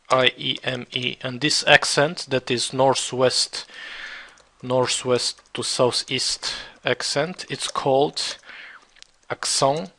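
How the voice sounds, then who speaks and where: A man teaching a beginner French lesson, repeating words slowly and spelling them out letter by letter. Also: mid-range voice, gravelly, bright, forceful tone. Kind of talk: slow beginner language lesson.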